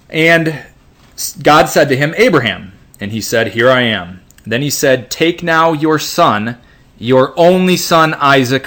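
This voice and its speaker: A man leads an informal Bible study, reading scripture aloud and pausing to explain it. His voice sits in a middle range, and his comments come with restarts and small fillers. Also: medium pitch, fairly bright tone. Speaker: Bible teacher.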